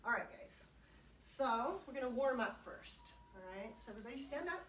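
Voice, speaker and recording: Her voice high and expressive at a moderate pace, a female children's librarian runs a music and movement session for kids. She stays upbeat and encouraging, tossing in playful sound words, while background noise and a far-off mic make it echoey.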